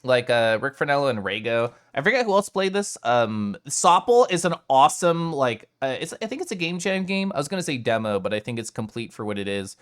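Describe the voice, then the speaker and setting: A man streaming live, chatting casually with his viewers in an animated way and swearing now and then. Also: mid-range voice, fairly quick, hardly any pauses.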